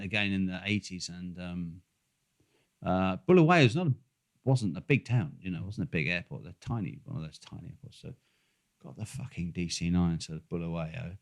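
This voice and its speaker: An older man telling a long, rambling travel story in casual chat, swearing freely and full of fillers. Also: lowish voice. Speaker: podcast co-host.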